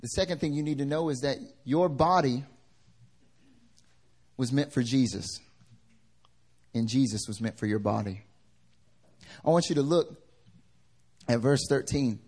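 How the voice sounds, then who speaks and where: A male pastor preaching a sermon in a lively way. He swings from loud to hushed and acts out the people in his stories. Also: mid-range voice, unhurried, pauses often.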